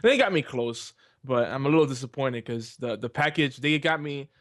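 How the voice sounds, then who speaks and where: A man's voice: medium pitch, animated, fairly quick, a bit bright, dry recording, studio quality. A man co-hosting a podcast in casual chat, easygoing, swearing and saying "dude" as he vents. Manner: casual and laid-back, says "dude", swears. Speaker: podcast co-host.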